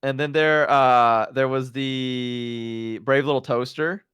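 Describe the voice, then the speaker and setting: A man's voice: mid-range voice, slow pace, hardly any pauses, clear, resonant tone, dry recording, studio quality. A man chatting casually as a stream guest, telling rambling stories full of fillers. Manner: animated rambling storytelling, lots of "like". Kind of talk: casual chat on a collab stream.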